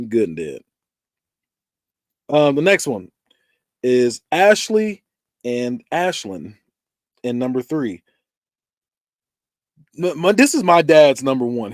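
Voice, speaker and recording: Lively podcast host man, dry sound. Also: medium pitch, no echo. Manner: animated, laughing, swearing, acting out scenes. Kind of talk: casual movie-review chat.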